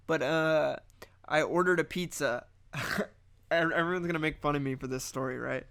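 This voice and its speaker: Young male podcast host, loose rambling storyteller, a touch high-pitched. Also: moderate pace, vocal fry, fairly bright tone, clear, resonant tone. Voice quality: rambling storyteller, lots of restarts. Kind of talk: casual chat.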